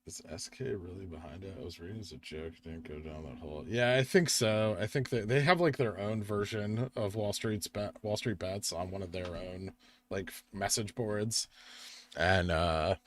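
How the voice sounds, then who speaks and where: Tired, rambling man with a deep voice. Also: moderate pace. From United States. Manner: rambling, talks while reading chat and charts. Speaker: livestream host. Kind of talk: casual live-stream chat.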